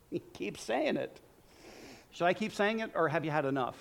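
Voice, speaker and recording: A man's voice: high-pitched, expressive, a little slow, gravelly, slight background noise. A man preaching a sermon in an emphatic style, speaking directly to his listeners.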